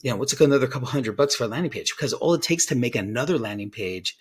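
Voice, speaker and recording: Husky guy rambling thru ad tips, keeps restarting, quotes his clients, mid pitch. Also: fast talker. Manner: rambling, self-correcting, lively, quotes clients aloud. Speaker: digital ad consultant. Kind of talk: casual talking-head explainer.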